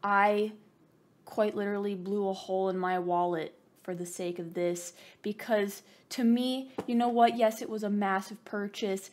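A young woman vlogging an excited unboxing, bubbly and gushing, rambling with self-mocking asides and over-caffeinated giddiness. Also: mid-range voice, normal speed. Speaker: gaming vlogger.

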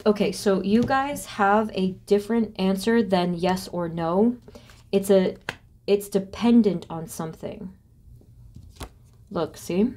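A woman's voice: medium pitch, slow, warm tone, slight background noise. A woman doing a solo tarot reading, thinking aloud as she names cards and asks spirit questions. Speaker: tarot reader.

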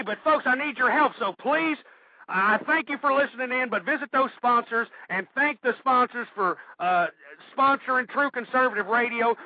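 A high-voiced, raspy man rants as a talk radio host, swinging into furious shouting. The recording is tinny and phone-like, dry and close, with no room sound. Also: dry recording. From United States. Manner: impassioned ranting, bursts into shouting, swears. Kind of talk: political talk radio monologue. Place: cold room.

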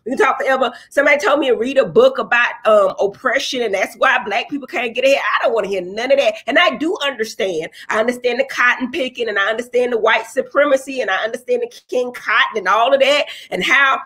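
Brief: high-pitched woman, blunt and profane, livestream host. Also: fast, few pauses, slightly rough. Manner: blunt, profane, preachy and animated. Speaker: livestream host answering viewer comments. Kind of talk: casual livestream chat.

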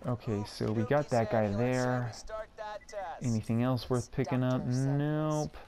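Slow-talking young man commenting on gameplay. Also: medium pitch, a crowd in the background. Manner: excitable, rambling, stammers and repeats words. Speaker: gaming streamer.

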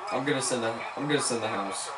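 Excitable man commentating his own gameplay. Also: mid-range voice, fast. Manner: excitable, cheers on and scolds the players aloud. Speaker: gamer playing a football video game. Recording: echoey room with background noise.

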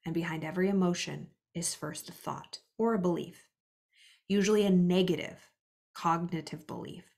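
A woman with a somewhat low voice reads from a spiritual book. She stops often to reflect and speaks directly to her listeners between passages, like a teacher thinking aloud. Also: normal speed, gravelly, a little mellow. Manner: reflective, with spoken asides to listeners.

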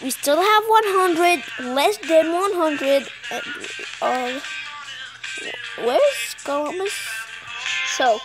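Excitable young woman cheering a game. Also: very high-pitched, slow, few pauses, music in the background, poor audio. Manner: excitable, shouts at players, apologizes to viewers. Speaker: gaming channel host. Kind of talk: live mobile game commentary.

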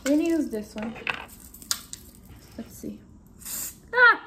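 A woman's voice: sits high, expressive, a little slow, slight background noise. A woman vlogging casually at home, talking to her viewers in a frank, exclamatory, chatty way. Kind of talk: casual vlog talking to camera.

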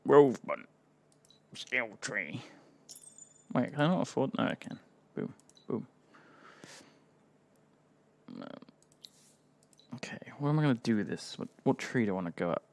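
A man gaming with friends in loose, excitable banter. His voice has a gravelly edge and swings widely in pitch. He often climbs into high squeals. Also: quick pace. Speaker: gamer on a group video call.

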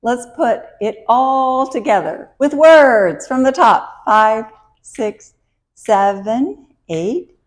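A woman's voice: a little high, lively intonation, slow. A woman teaching a line dance step by step, counting the beats aloud while she dances, upbeat and encouraging.

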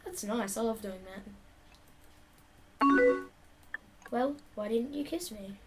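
Over loud background music, a young YouTuber reads typed chat lines out loud and chats to the camera between them. Her voice is fairly high-pitched and her pace moderate.

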